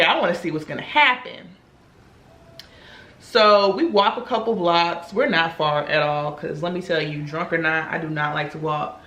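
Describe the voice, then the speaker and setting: A young woman telling a story in a casual, chatty way while doing her makeup. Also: lowish voice. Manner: chatty, animated, acts out quoted voices. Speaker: beauty vlogger. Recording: echoey room.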